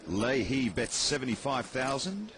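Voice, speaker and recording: A man in a middle register hosts a poker broadcast, crisply calling each card, bet and raise. Steady background noise runs behind his voice. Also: medium pitch, measured pace. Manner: crisp announcing of cards and bets. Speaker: play-by-play host. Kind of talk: TV poker play-by-play.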